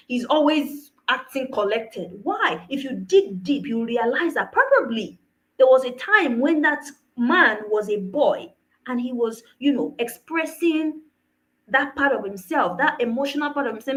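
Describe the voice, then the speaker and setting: Woman, high voice, motivational coach, earnest, asks rhetorical questions. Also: fairly bright tone, rough recording. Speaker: personal development coach. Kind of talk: motivational talk.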